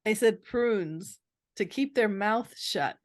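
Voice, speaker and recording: A woman co-host in a relaxed podcast chat, speaking slowly and at ease. She quizzes her partner with odd trivia and breaks into laughter often. Her voice is recorded close and dry, with no room sound. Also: mid-range voice, dry recording. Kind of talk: casual chat.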